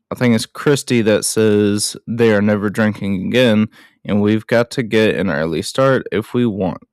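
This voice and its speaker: A man's voice: lowish voice, darkish tone, no echo, clean studio sound. A young adult man hosting a show, chatting through a movie recap in a rambling way with casual swearing. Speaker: podcast host.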